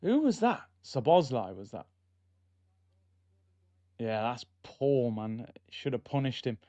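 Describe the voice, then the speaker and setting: A man's voice: medium pitch, very animated, slow pace, no echo, highs cut off. A young man, casually reacting to a football match live for his stream and reading out chat messages. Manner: casual, reacts loudly to chances, reads out chat. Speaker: watchalong streamer. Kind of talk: live football watchalong commentary. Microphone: streaming mic.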